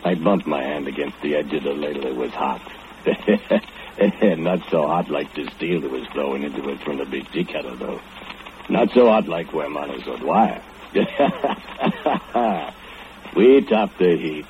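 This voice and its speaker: A man's voice: a bass voice, moderate pace, darkish tone. An actor playing a drunken, brooding male foundry laborer who speaks broken English and chuckles darkly, in old radio drama style. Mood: reliving. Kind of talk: 1940s radio acting. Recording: tinny old radio broadcast, hiss.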